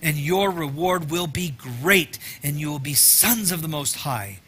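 Lively bright-voiced male preacher. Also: on the high side, measured pace, breathy edge. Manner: conversational, joking asides to the congregation; dynamic, swings between loud emphasis and soft near-whispers. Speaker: pastor. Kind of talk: sermon.

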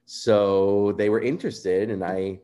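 A man being interviewed, telling a personal story in an earnest, animated way and acting out quoted remarks. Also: fairly low pitch, slow pace. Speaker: composer guest.

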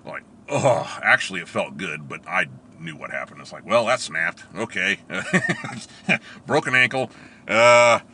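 A middle-aged man telling a story in a casual, animated way, laughing often and acting out what people said. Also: lowish voice, a little slow, a little hiss or hum. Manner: animated, laughs often, acts out quoted lines. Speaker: storyteller recalling police academy training.

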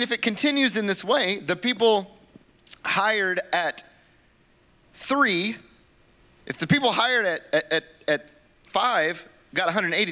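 Animated, bright-voiced male pastor. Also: a little high. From Louisiana. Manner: animated and conversational, acting out voices. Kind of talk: sermon.

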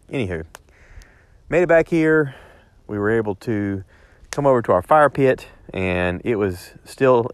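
A man's voice: mid-range voice, no echo. A man telling a rambling story in a casual spoken diary, correcting himself as he goes and talking into a phone. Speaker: vlogger.

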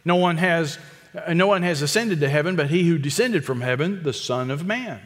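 A man preaching an expository sermon, emphatic and repetitive, with quick asides to the congregation. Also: a little high, expressive, in a large hall. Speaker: pastor.

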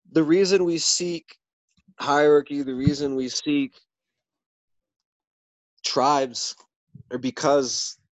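A man's voice: mid-range voice, no room sound, rough recording. A man in a casual debate, arguing earnestly about faith and society, often restarting and checking in with "right?".

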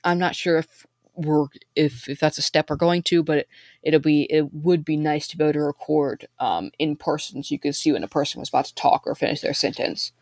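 A woman's voice: low voice, brisk, darkish tone, no room sound, studio quality. A woman co-hosting a podcast, chatting casually and reading listener emails, hesitant and full of ums. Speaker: podcast co-host.

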